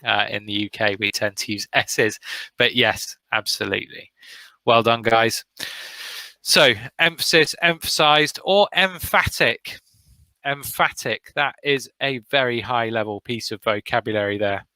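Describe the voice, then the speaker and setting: British male teacher, slow and encouraging, bright voice, dry sound. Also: mid-range voice, clear, resonant tone, no echo, poor audio. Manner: encouraging, praises students by name. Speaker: English teacher. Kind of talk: online vocabulary lesson.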